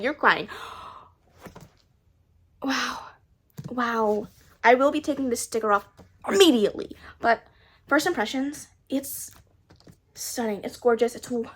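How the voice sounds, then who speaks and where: Gushing excited young woman vlogger. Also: a little high, slight background noise. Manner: gushing, breathless excitement with laughs and gasps. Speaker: book vlogger. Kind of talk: casual excited vlog.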